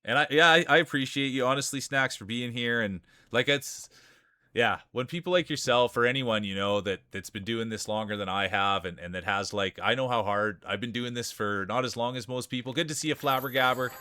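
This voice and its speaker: A man's voice: medium pitch, a little fast, sharp tone, smooth, dry recording, studio quality. A man in his forties with a small-town Saskatchewan Canadian accent, hosting live marble races with rambling, hyped sports-announcer patter. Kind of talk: live stream commentary and chat.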